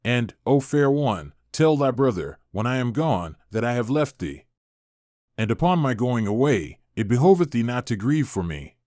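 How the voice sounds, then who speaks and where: A man voicing a proud, quick-tempered male ascetic sage in an audiobook, speaking in stern, archaic phrases. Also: mid-range voice, big pitch swings, a little mellow, dry recording, studio quality, close to an everyday voice. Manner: stern, formal archaic speech.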